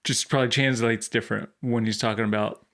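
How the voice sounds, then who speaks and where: A man's voice: mid-range voice, steady tone, fast, a bit bright. A man co-hosting a comedy podcast, offering wry hot takes in a casual chat. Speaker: podcast co-host.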